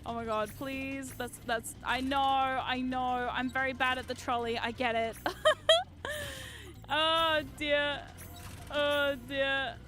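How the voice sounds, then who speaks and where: A woman streaming a game, chatting excitedly with her viewers, swearing freely and shouting at the game. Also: high voice, slow. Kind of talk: live-stream gameplay chat.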